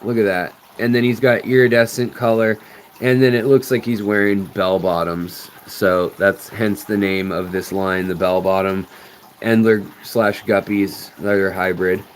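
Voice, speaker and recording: A man's voice: on the low side, level tone, unhurried, a little hiss or hum. Rambling man hosting a live fish stream. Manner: rambling, explanatory, many fillers. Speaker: aquarium channel host. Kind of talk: live-stream chat answering viewers.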